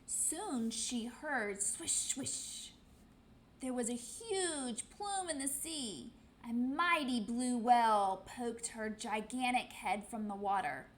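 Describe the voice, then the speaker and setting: A woman's voice: fairly high pitch, lively intonation, slow pace, few pauses, slight background noise, low-quality recording. A woman teacher reading a storybook aloud expressively, acting out sound effects.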